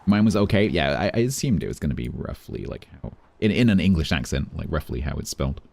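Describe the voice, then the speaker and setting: Male streamer, deep and warm, animated, chatty, thinking aloud while gaming. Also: fast, gravelly. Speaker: game streamer. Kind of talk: casual live-stream commentary.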